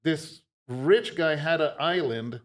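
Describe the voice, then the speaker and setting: A man co-hosting a casual podcast chat, teasing the others with leading questions and reading out viewer shout-outs. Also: on the high side, slow pace. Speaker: podcast co-host.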